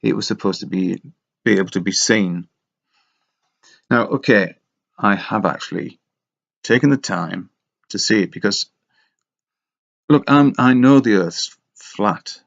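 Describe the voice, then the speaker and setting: Slow gravelly man rambling wryly. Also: fairly low pitch. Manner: wry, meandering, self-mocking. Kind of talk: rambling casual monologue. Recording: dull lo-fi sound.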